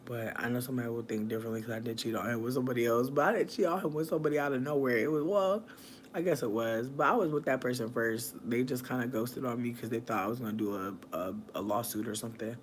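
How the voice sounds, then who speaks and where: High on weed gummies, a streamer rambles and swears fast through casual late-night livestream chat, bursting into shrieking laughter over a slight hiss or hum.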